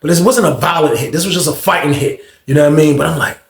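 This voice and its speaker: A man telling a story casually, with an animated delivery that swings from loud bursts to hushed, low tones. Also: fast talker, creaky. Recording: roomy echo.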